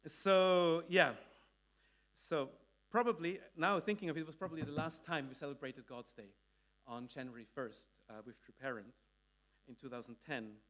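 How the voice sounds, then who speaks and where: A man's voice: a little high, moderate pace, fairly bright tone. A man giving a sermon, recounting a speech in a conversational way, full of restarts and tag questions. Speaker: preacher. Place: church hall.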